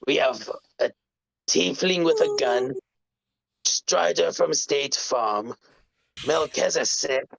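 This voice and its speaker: A man playing in a tabletop game, joking in a deadpan way, on a dull lo-fi mic. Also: fairly high pitch, slow pace, creaky, pauses often, dry recording. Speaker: player.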